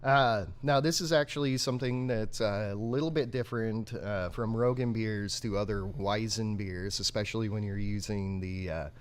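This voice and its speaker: A man co-hosting a live brewery stream, chatting casually and excitably with many fillers and laughs. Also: lowish voice, moderate pace, few pauses, clean tone. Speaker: brewery livestream co-host.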